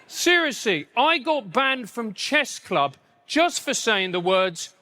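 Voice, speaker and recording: Bright-voiced English stand-up comic. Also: male voice, extremely high pitch, very animated. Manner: punchy, self-mocking delivery with quick asides. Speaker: stand-up comedian. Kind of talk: live stand-up comedy.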